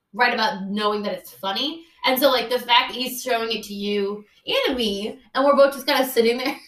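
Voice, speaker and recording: A woman's voice: on the high side, fairly bright tone, distant mic. Woman co-host, chill and laughing a lot, sounds off-mic in a roomy space. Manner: laughs easily, dry asides. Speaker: podcast co-host. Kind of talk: casual chat.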